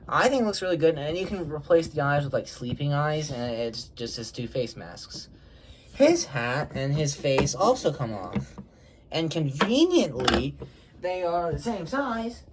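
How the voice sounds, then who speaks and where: A man's voice: a little high, slight background noise. A teenage boy showing off his Lego models in a casual, rambling vlog, chatty and self-conscious, often apologizing and giggling. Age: teens.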